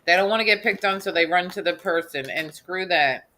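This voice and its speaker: Blunt ranting woman with a bright voice. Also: fairly low pitch, brisk. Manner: blunt, ranting, restarts often. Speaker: live stream host. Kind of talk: casual live stream chat.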